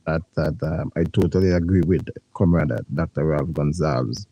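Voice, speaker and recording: A man's voice: extremely low pitch, steady tone, normal speed, warm tone, slightly rough, no room sound, rough recording. A man with a Vincentian accent on morning talk radio, speaking hesitantly and stumbling over words. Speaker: radio talk show co-host.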